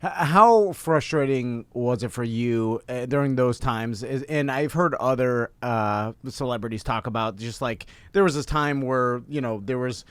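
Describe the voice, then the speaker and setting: A man's voice: mid-range voice, a little slow, hardly any pauses, smooth, no echo. A man co-hosting a casual interview, asking long questions full of fillers and restarts.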